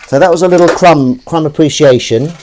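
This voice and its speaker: A man's voice: a little high, brisk, darkish tone, a little hiss or hum. A man chatting casually as he washes up in his kitchen, rambling and reading out viewer comments. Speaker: streamer. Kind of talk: casual chat while washing up. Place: kitchen at the sink. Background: clattering dishes and cutlery.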